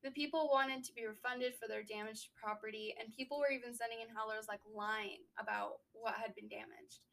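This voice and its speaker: Chatty young woman with a gravelly edge. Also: fairly high pitch, fairly even intonation, pushed and bright, recorded from a distance, low-quality recording. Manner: chatty, recaps then riffs with quick asides. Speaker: book discussion podcast host. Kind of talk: casual chapter recap chat.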